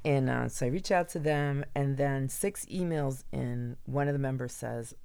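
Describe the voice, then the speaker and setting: A woman chatting casually on a podcast, telling animated stories and acting out her own panicked voice. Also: extremely low pitch, moderate pace, vocal fry, clean tone. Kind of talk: casual chat.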